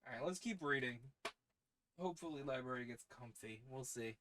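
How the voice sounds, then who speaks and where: A man's voice: medium pitch, animated, normal speed, background noise. A man hosting a story-reading podcast stream, chatting casually and playfully between readings and teasing his cats. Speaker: podcast host reading old stories aloud. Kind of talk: casual chat on a live stream.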